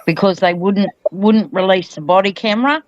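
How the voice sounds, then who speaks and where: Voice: mid-range voice, moderate pace, muffled recording, slight background noise. A panel host describing a video in casual, indignant commentary. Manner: indignant, conversational.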